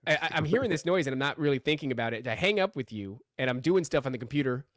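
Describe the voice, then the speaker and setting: A man's voice: medium pitch, quick pace, no room sound, studio quality. A man co-hosting a podcast, telling a rambling anecdote in casual chat with some swearing. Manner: rambling, animated retelling with swearing. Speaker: podcast co-host.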